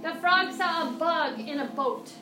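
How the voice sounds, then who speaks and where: High, playful woman teaching kids' yoga. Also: measured pace. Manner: playful, encouraging, with sing-song animal cues. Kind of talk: guiding a children's yoga class. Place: classroom or studio with music playing. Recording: echoey room, music behind.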